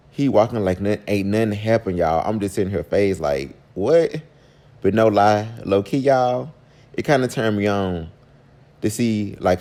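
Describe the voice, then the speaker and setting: A man with a fairly low voice tells a personal story in a chatty storytime vlog. He talks straight to his viewers and his pitch jumps up suddenly when he gets worked up. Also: dark tone.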